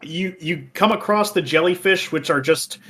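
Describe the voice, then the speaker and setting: Bright-voiced, profane man talking games. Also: on the high side, moderate pace. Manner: profane, animated storytelling with voiced quotes. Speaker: podcast co-host. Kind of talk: casual chat.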